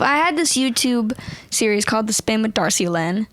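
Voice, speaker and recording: A young woman, a ventriloquist guest, chatting in an interview, bubbly and quick to laugh as she tells stories. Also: on the high side, sing-song. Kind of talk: casual interview chat.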